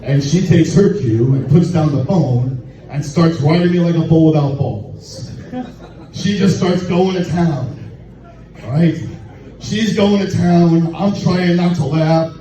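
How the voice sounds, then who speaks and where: A man doing crude stand-up at a bar open mic, telling a raunchy story in a deadpan way. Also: fairly high pitch, slow pace. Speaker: stand-up comedian. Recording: echoey, distant, muffled room recording with noise.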